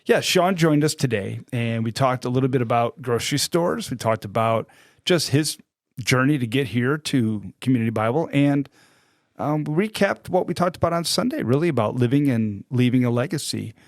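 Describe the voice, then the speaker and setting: Male co-host, casual animated banter, dry studio sound, mid-range voice. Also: medium pitch, moderate pace, dry recording. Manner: animated, laughs easily, jumps into voices. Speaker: podcast co-host. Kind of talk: casual podcast chat.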